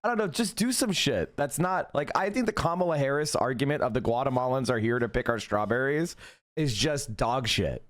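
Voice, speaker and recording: A man streaming his reaction to a clip, ranting in a profane, animated way. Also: mid-range voice, fairly quick. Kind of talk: casual reaction commentary.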